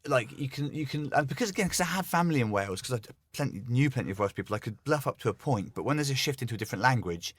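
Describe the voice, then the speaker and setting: A man's voice: mid-range voice, lively intonation, slightly rough, dry recording. A man, a comedian guest, telling a self-deprecating anecdote in casual chat. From England. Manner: rapid, self-deprecating storytelling.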